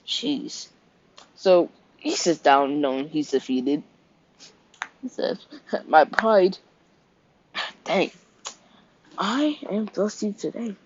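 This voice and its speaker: A man's voice: fairly high pitch, sing-song, slow, pauses often, slight background noise. A young man casually retelling an improvised fan story, rambling, correcting himself and dropping offhand asides. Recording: dull lo-fi recording.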